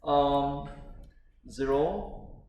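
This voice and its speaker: A man's voice: mid-range voice, extremely slow, darkish tone. A man teaching a math class, chatting with students and asking "no?" often, with lots of fillers. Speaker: math lecturer. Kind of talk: live classroom lecture. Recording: echoey classroom from far off, faint noise.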